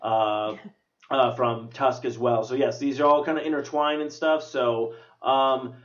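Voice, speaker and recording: A male podcast host in loose movie-review chat, mid-pitched and rambling, full of fillers and casual swearing. The sound is dull and lo-fi. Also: steady tone, measured pace, recorded from a distance. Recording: dull lo-fi recording.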